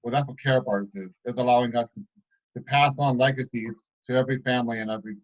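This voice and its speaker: Male guest, earnest and sincere, middle pitch, dull muffled call audio. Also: fast talker. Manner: earnest, faith-tinged, builds to excitement. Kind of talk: casual testimony.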